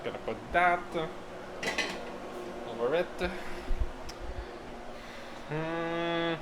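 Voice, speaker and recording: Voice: mid-range voice, drawn-out words. Rambling, swearing podcast host in a noisy kitchen. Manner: rambling, laughing and swearing while talking through each step. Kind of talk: casual chat while cooking. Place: home kitchen.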